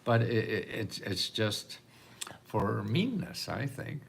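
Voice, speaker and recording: An older man speaks in a low, gravelly voice, rambling and restarting his sentences while he makes his point. He chuckles softly between thoughts, and a faint hiss of noise sits under the recording. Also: sing-song, slow pace. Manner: rambling, repeats words, often laughs softly. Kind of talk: casual monologue to camera. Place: apartment in a city.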